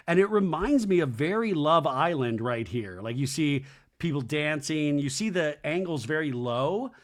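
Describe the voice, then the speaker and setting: Animated man doing a comic show recap. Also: a little high. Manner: animated, acts out quotes with exaggerated voices; profane and sarcastic. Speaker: podcast host recapping a reality show. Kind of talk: casual comedic recap.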